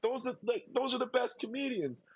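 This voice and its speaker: Husky rambling man on a podcast. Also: very high voice, animated, normal speed, no echo, dull audio. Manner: rambling, acts out quoted voices. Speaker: podcast co-host. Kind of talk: casual podcast talk.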